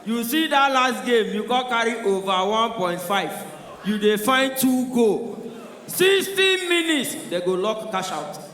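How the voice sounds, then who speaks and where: Performing in a large live comedy venue, a man with a Nigerian Pidgin accent delivers stand-up at a measured pace, telling lively stories and shifting into character voices. His pitch is fairly high for a male, and he is heard from a distance with a long echo off the hall.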